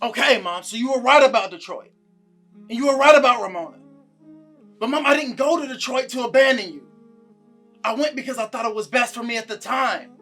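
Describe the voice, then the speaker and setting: A man's voice: extremely high pitch, brisk, long pauses, a bit bright, faint music behind. An actor playing a troubled young man who pleads with his mother and lashes out at a friend. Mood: pleading. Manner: pleading, then angry and accusing. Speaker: adult son.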